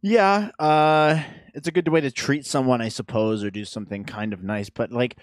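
A man's voice: medium pitch, fairly even intonation, normal speed, no echo, studio quality. A man hosting a podcast, ranting sarcastically in casual chat. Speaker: podcast host.

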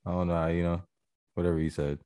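A man's voice: sits low, little pitch movement, quick pace, dark tone, smooth, dry recording, studio quality. A man co-hosting a casual chat, laid-back and rambling. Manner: laid-back, rambling, laughs between thoughts.

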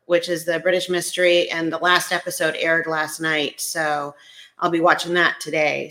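A woman author being interviewed, chatting in a relaxed way and laughing often. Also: fairly low pitch. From Northern California. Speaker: author guest. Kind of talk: casual interview chat.

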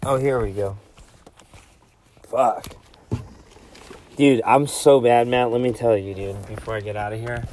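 A man's voice: medium pitch, fairly even intonation, a little slow, pauses often, darkish tone, a little hiss or hum. A man hosting a casual late-night podcast chat outdoors, loose and swearing, saying dude constantly, often laughing. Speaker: podcast host. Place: outdoors in front of a house.

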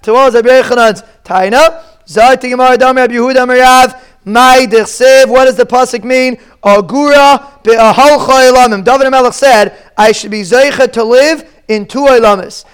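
A man teaching a daily Talmud lesson in a strikingly high, smooth and clear voice. He reads each line and explains it casually, stopping to ask his listeners rhetorical questions. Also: normal speed, a bit bright.

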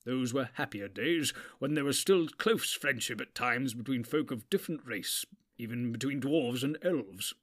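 A man voicing a grave, commanding old male wizard who speaks slowly and deliberately. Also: mid-range voice, close to an everyday voice. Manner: slow, weighty, deliberate. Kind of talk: audiobook character voice.

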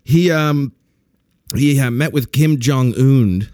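A man's voice: medium pitch, takes it slowly, dark tone, no room sound, clean studio sound. A man hosting a podcast in casual chat, crude and laughing a lot as he tells stories. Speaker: podcast host.

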